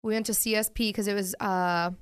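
A young woman co-hosts a podcast, trading weekend stories in a relaxed chat full of "like" and "um." Her mid-range voice is smooth and steady and moves at a brisk clip, and she sometimes talks with her mouth full.

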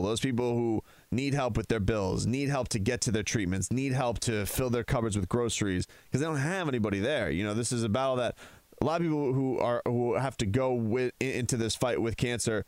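A man's voice: medium pitch, no room sound. A man hosting a sports talk radio show from a studio, ranting with heated sarcasm.

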